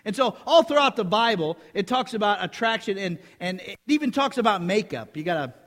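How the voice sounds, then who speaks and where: A preacher delivering a sermon in a folksy, chatty way, his fairly high voice swinging up and down. Each phrase carries a long reverb from the hall. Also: lively intonation, brisk, fairly bright tone. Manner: folksy and conversational, with laughs.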